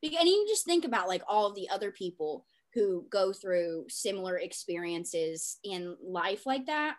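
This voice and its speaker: A woman's voice: mid-range voice, sing-song, a little slow. A woman hosting a podcast in casual chat, swearing freely and fighting back tears as she talks. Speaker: podcast host.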